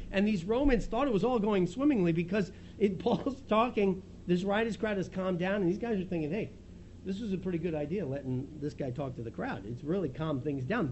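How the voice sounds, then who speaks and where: High-voiced man preaching a lively sermon. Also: dull audio, slight background noise. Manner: lively storytelling, acts out the scene with chuckles. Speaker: pastor.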